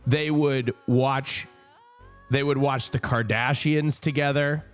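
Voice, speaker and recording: A man's voice: medium pitch, steady tone, slow pace, clear, resonant tone, faint music behind. A man in his thirties telling a personal story on a stream. He rambles with many fillers, laughs and swears. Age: 30s.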